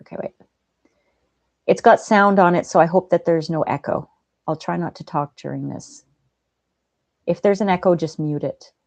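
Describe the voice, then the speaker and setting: Gentle, mellow-voiced woman livestream host. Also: lowish voice, creaky, no room sound, dull audio. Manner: gentle, chatty, quick to laugh. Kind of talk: casual livestream chat reading viewer comments. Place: at home.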